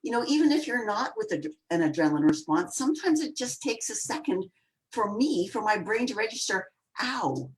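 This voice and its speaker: A woman on a coaching panel talking in an expressive, animated way, acting out examples as she goes. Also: a little high, a little fast, a little hiss or hum, low-quality recording. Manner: expressive, animated storytelling with laughs and acted-out quotes. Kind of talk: panel discussion.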